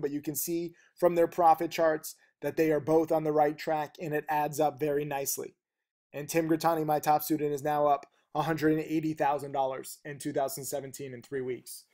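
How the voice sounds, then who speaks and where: Man, trading teacher, slightly high voice, rapid and blunt delivery. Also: a little mellow. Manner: rapid, emphatic and blunt, with fillers. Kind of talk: fast-talking video lesson.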